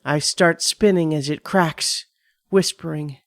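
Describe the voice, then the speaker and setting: A woman giving a measured, dramatic first-person reading of a scripted horror story on a close studio mic. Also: deep voice, fairly even intonation, dry recording. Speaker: narrator.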